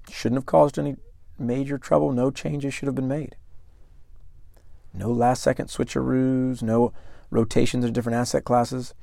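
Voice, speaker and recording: A man's voice: medium pitch, vocal fry, a little mellow, dry recording, studio quality. A man hosting a solo investing podcast, talking conversationally and emphatically and putting questions to the listener. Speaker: podcast host.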